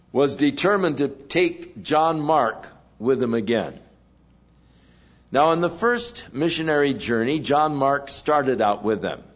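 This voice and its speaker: A man preaching an expository sermon in a measured way, pausing between phrases. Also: mid-range voice, highs cut off. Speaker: pastor.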